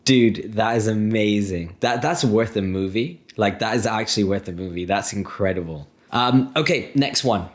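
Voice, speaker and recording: Enthusiastic lower-voiced male host. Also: moderate pace, hardly any pauses. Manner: enthusiastic, reads questions, reacts with praise. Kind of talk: casual interview chat.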